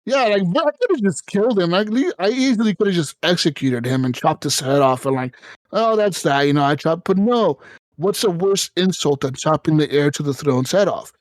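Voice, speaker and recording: A man co-hosting a casual gaming podcast, telling stories in an animated, profane way with sudden jumps up in pitch. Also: fairly quick, no room sound. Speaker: podcast co-host.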